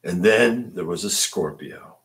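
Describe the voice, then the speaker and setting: A man's voice: low voice, a little slow, a bit bright, voice pushed down. A man doing a bragging politician impression. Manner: repetitive superlatives, showy. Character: boastful older male politician, bragging.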